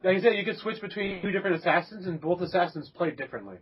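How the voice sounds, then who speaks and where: A man's voice: high-pitched, lively intonation, very fast, breathy edge. A young man hosting a casual gaming podcast, rambling with lots of fillers, restarts and laughs. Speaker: podcast host. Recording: dull lo-fi recording.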